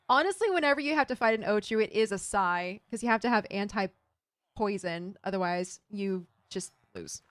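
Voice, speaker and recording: A young adult woman streamer chatting casually with viewers while playing a game, animated and giggly. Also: mid-range voice, normal speed, no room sound. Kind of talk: casual gameplay chat with viewers.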